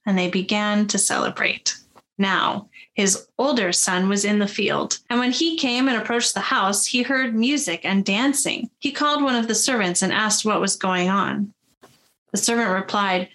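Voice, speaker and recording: A woman's voice: medium pitch, normal speed, fairly bright tone. A woman pastor giving a sermon in a friendly, conversational manner, reading scripture and laughing easily.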